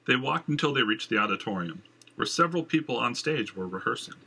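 A man's voice: medium pitch, animated, fast, gravelly, sharp tone, slightly rough. A man reading a story aloud, narrating in a dry storytelling way with asides. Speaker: audiobook narrator. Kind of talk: scripted narration.

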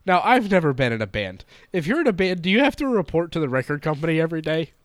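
A man's voice: on the high side, big pitch swings, fast, no room sound, studio quality. A man co-hosting a casual podcast, making wry, sarcastic asides. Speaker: podcast co-host. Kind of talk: casual chat.

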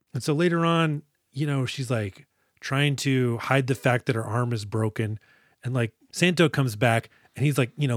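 A male podcast co-host recaps a movie in an animated, joking way and swears freely. His voice sits mid-range. The recording is dry and close. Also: mid-range voice, no room sound. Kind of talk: casual movie review chat.

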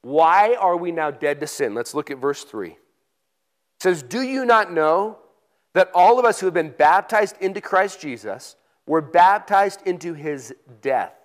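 High-voiced man preaching conversationally. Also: animated, measured pace. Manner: conversational preaching, reads scripture aloud with emphasis. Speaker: pastor. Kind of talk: sermon.

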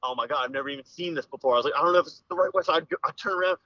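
A young man from Pennsylvania talks quickly in a bright, forward voice, rambling through his story with constant "dude" and "like." The sound is dry and close. The audio is a bit dull and lo-fi. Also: a little high, no room sound. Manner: rambling, full of "dude" and "like" fillers. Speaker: podcast guest, hunter. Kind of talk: casual storytelling. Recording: slightly dull, lo-fi podcast audio.

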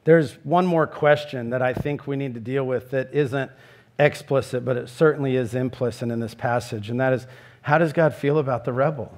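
A man's voice: medium pitch, moderate pace. A middle-aged man preaching a sermon in an earnest way, rising into emphatic questions. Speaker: pastor.

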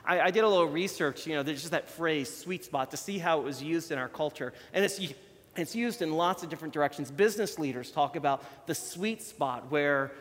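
A man's voice: a little high, brisk, fairly bright tone, in a large hall. A man preaching a conversational sermon in a chatty, self-deprecating way. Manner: chatty, self-deprecating, shows props while talking.

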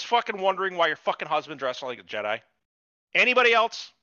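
Fast-talking and sing-song, a male podcast host with a high, pushed and bright voice goes on a profane, casual rant about a show. The recording is dry but dull and lo-fi.

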